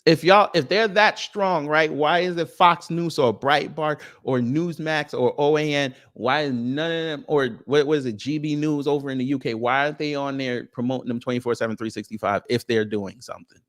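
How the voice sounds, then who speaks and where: A man's voice: a little high, normal speed, few pauses, a bit bright. A man hosting a political commentary stream, ranting with mocking rhetorical questions and scornful laughs.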